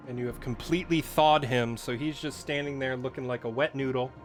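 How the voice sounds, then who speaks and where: A man's voice: mid-range voice, fairly even intonation, fairly quick, faint music behind. A man running a tabletop game as dungeon master, patiently explaining the rules with lots of fillers.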